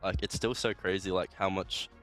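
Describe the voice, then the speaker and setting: A man's voice: sits low, steady tone, moderate pace, a bit bright, faint music behind. A young man, a pro player, giving a casual, emotional, rambling post-match interview. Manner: emotional, rambling, filler-heavy.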